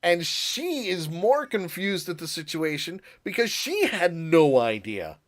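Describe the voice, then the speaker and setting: A man co-hosting a casual podcast, recapping an episode in an animated way, laughing and slipping into voices for quotes. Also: fairly high pitch, measured pace. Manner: animated, laughing, puts on voices when quoting. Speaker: podcast co-host.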